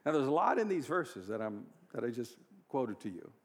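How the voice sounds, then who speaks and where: A pastor preaching a sermon, moving from quiet storytelling to loud, fervent exhortation. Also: male voice, medium pitch, very animated, normal speed, big-room sound. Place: church hall.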